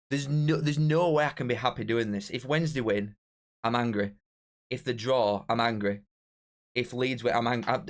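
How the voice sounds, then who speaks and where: A young man chatting casually on a live stream as host, excitable and bantering straight to his viewers. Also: medium pitch. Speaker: streamer hosting a live watch-along.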